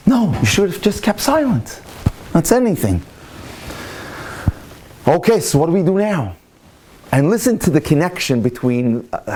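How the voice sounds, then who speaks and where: A man, a rabbi, telling a story in a sermon, animated and swinging into excited quoted voices. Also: medium pitch, a little hiss or hum. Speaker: rabbi lecturer.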